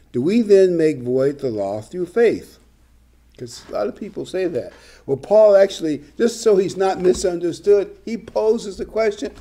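A man's voice: fairly high pitch, warm tone, husky. An older man preaching a sermon, reading scripture and adding conversational, humorous asides. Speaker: pastor.

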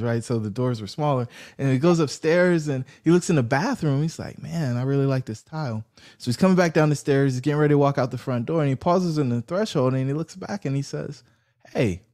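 A man telling a story as an interview guest, his voice mellow and warm. He talks in an animated way, acting out the other people in the story with jumps in pitch. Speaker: guest, real estate investor.

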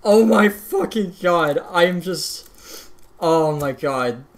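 A woman's voice: on the low side, expressive, takes it slowly. A woman gamer who swears constantly, tearful and laughing with joy as she talks about her result. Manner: heavy swearing, breathless and laughing through tears. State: crying with joy. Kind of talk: excited casual vlog.

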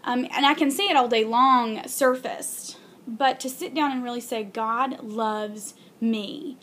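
Young woman, casual faith vlog, earnest, halting, lots of ums, higher voice, faint background noise. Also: a bit bright. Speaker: video blogger.

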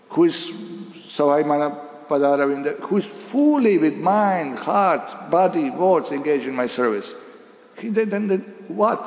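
A man's voice: on the high side, darkish tone. A man giving a devotional scripture lecture, telling stories and acting out their dialogue with many restarts. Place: temple hall. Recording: echoey hall with long reverb.

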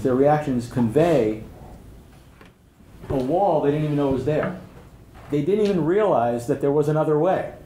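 Male workshop speaker, chatty storyteller, medium pitch, recorded in a reverberant room with faint ambience. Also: mellow, slight background noise. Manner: anecdotal, joking, chuckles at own stories; conversational, checks in with "right?". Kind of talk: live workshop talk with storytelling. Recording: roomy event hall with faint ambience.

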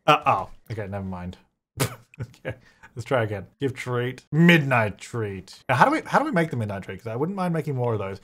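A man's voice: medium pitch, fairly bright tone. A young man giving casual gameplay commentary, chatty, laughing often and talking back to the characters on screen. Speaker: gaming YouTuber.

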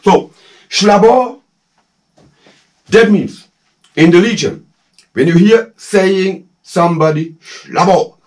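A man's voice: high-pitched, slow pace, darkish tone. A German-accented man in his fifties, a former soldier, giving a casual spoken lesson, laughing often and slipping into French phrases. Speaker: former legionnaire instructor.

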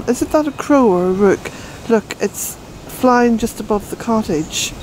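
A woman's voice: fairly high pitch, expressive, measured pace, darkish tone, a little hiss or hum, rough recording. An older woman from Ireland, a vlogger chatting outdoors in her garden, out of breath and rambling with fillers. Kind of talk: casual walk-and-talk narration.

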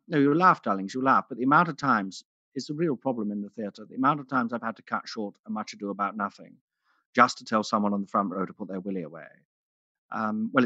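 A man's voice: mid-range voice, sharp tone, no echo. A man doing a stand-up character act as a vain, theatrical aging actress with a grand luvvie manner, calling everyone darling, on a dull, dry lo-fi recording. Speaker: character comedian.

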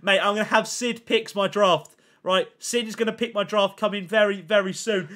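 A man's voice: sits high, fairly even intonation, moderate pace, a bit bright. A young man hosting a live gaming stream, chatting in a hyped, slangy way and reading out chat messages. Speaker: livestream host.

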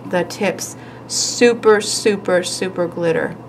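A woman's voice: lowish voice, slow pace, a little hiss or hum, low-quality recording. Woman host, casual and giggly, narrating hands-on craft work; light room ambience. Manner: chatty, giggly, talks while working. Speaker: nail art tutorial host.

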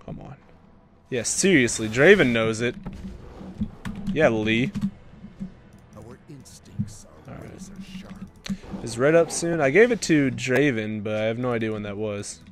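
A young man giving live commentary over his own gameplay, excitable and swearing, breaking into loud bursts. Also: medium pitch, slow, pauses often, a little hiss or hum. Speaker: gaming commentator.

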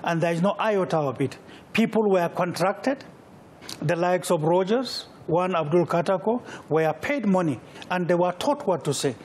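A man's voice: high-pitched, expressive, moderate pace, darkish tone, breathy edge. A middle-aged Nigerian man answering interview questions, emphatic and repeating phrases for weight. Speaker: political candidate, guest.

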